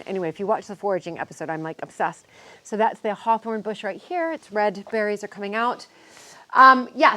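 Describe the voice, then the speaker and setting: An American woman chats through a casual vlog tour, bubbly and full of exclamations. Her voice sits at an average pitch, recorded outdoors into a handheld camera. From United States. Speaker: vlogger touring her estate. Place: outdoors on a country estate, then a church.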